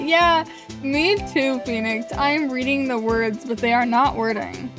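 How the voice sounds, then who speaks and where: A woman's voice: high-pitched, a little slow. A woman streamer commenting bluntly on a game she is playing, with casual swearing. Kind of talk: gameplay commentary. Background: game music.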